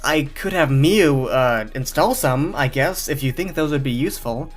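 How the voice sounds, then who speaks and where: A man's voice: mid-range voice, animated, moderate pace, lightly acted. Brief: male performer as a polite sincere android, formal delivery, faint music bed. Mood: earnest. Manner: formal, earnest. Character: earnest, polite male robot.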